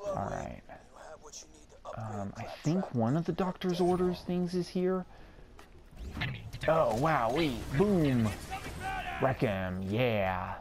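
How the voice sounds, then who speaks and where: A young man giving casual commentary over a video game, rambling and excitable, often stammering and repeating words. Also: mid-range voice, slow pace, pauses often, music in the background. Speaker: gaming streamer.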